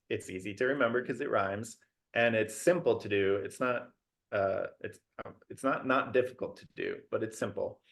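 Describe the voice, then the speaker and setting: A man with a lower voice speaks as a podcast guest who coaches and mediates conflict. He lays out his method in a practical, step-by-step way, pausing on fillers as he goes. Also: fairly bright tone. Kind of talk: casual podcast conversation.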